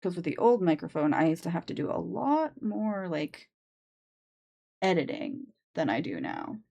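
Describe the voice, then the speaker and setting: Rambling low-voiced woman streamer. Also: wildly swooping pitch, normal speed, vocal fry, warm tone. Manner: rambling, many "like" fillers and restarts. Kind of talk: casual live-stream chat. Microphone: sensitive desk microphone.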